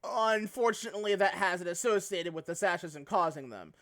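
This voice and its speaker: A woman's voice: lowish voice, fairly quick, fairly bright tone. A woman streamer chatting casually and animatedly, swearing and laughing often. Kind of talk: casual live-stream chat.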